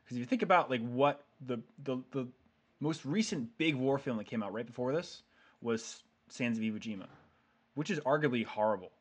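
Male podcast host, mid-pitched, talks films in a chatty, analytical way with plenty of fillers. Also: brisk. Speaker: podcast host who picked the film. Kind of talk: casual film discussion.

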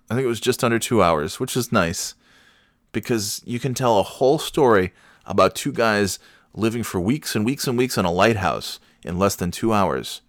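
A man's voice: lowish voice, lively intonation, normal speed, fairly bright tone, no room sound, clean studio sound. A man chatting casually about a movie, rambling and profane, mocking himself as he goes.

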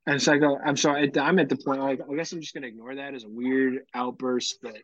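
A man's voice: medium pitch, fast talker, muffled recording. A man in his thirties, a podcast co-host, chatting casually and acting out the quotes in his stories. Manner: animated storyteller, acts out quotes. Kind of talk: casual chat.

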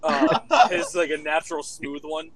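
Male podcast co-host, easygoing storyteller, a little high-voiced. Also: sing-song, creaky, a loud crowd, rough recording. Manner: rambling storyteller, drawn-out words. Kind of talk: casual group banter.

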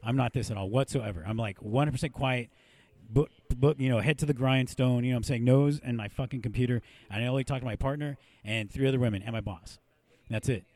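A man's voice: mid-range voice, fast talker, a little mellow, dry recording. A man hosting a podcast, telling rambling, profane stories in casual chat. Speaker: podcast host.

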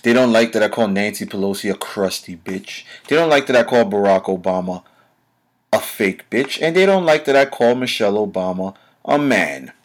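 A man's voice: fairly low pitch, a bit bright. A man hosting his own podcast, delivering a blunt, profane, confrontational solo rant full of rhetorical questions aimed at his listeners. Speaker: podcast host.

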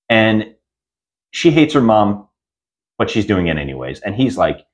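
A man's voice: lowish voice, animated, a little slow, lo-fi sound. A man co-hosting a podcast, retelling a film in a casual, rambling way with many restarts. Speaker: podcast co-host reviewing films. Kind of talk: casual chat.

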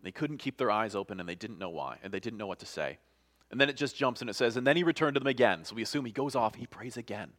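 A man's voice: fairly low pitch, quick pace, fairly bright tone. A male pastor preaching a sermon, earnest and conversational, often restarting phrases and checking in with "right?".

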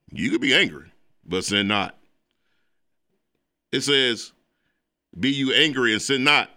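Emphatic man preaching with a bright voice. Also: lowish voice, clear, resonant tone, dry recording, clean studio sound. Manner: emphatic and repetitive, grows excitable. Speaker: preacher and host. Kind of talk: preaching monologue mixed with sports talk.

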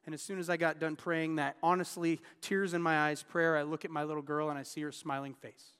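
A man's voice: a little high, flat delivery, brisk, few pauses, a bit bright, clear, resonant tone, long reverb tail. A man in his thirties giving a sermon as pastor, telling personal stories in an earnest, candid way. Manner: earnest, candid storytelling with restarts.

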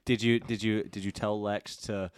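A man co-hosting a podcast in casual chat, goofy and quick to joke and laugh. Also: on the low side, level tone, smooth, no echo, clean studio sound. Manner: goofy, laughs a lot, cracks jokes. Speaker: podcast co-host.

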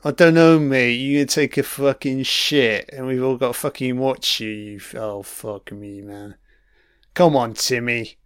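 A man's voice: medium pitch, fairly even intonation, unhurried, smooth, no room sound, clean studio sound. A man giving a crude, mocking running commentary on a film, swearing heavily as he reacts.

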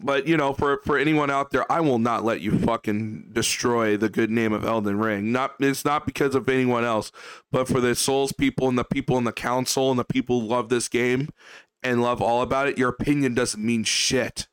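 A man's voice: medium pitch, fairly even intonation, moderate pace, clear, resonant tone, dry recording. A man ranting on his livestream, profane, heated and repetitive as he talks to his chat. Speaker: streamer.

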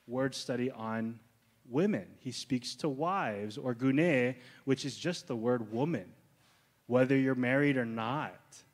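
A man's voice: mid-range voice, a little mellow, in a large hall. A male pastor teaching a sermon in a conversational way, often checking in with the congregation.

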